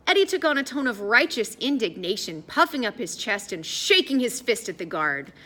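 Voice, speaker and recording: Bright-voiced lady reading a kids' adventure audiobook, lots of lift in her pitch. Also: normal speed. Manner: lively, expressive storytelling. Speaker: audiobook narrator. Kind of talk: scripted narration.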